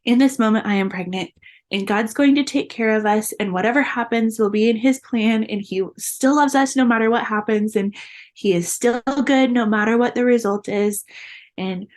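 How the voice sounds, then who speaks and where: A young woman with a slightly high voice recounts a personal story in an interview. She speaks earnestly and candidly, laughing often even through the hard parts. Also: moderate pace. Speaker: guest.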